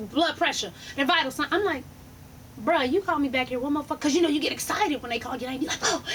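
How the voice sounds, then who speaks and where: A woman vlogger telling a profane, animated story in a casual storytime rant, laughing as she goes. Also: high-pitched, slight background noise.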